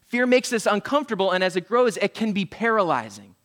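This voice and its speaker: Brief: man preaching, lively humorous storyteller, higher voice. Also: a little fast. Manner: animated storytelling with acted-out voices; humorous, self-deprecating asides. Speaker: pastor. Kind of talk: sermon.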